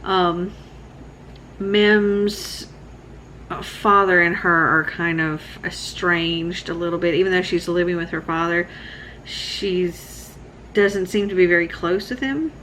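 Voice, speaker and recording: A woman in her thirties giving a relaxed, rambling late-night book vlog check-in, sounding sleepy. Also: fairly low pitch, takes it slowly, slight background noise, low-quality recording. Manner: relaxed, rambling, laughs often. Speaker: book vlogger.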